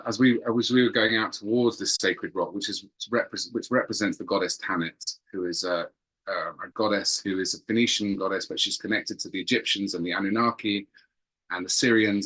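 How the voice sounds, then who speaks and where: A man's voice: lowish voice, fairly even intonation, normal speed, pushed and bright, low-quality recording. A man earnestly recounting a spiritual experience, often searching for words and repeating phrases. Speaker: guest telling a spiritual experience. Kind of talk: earnest personal storytelling.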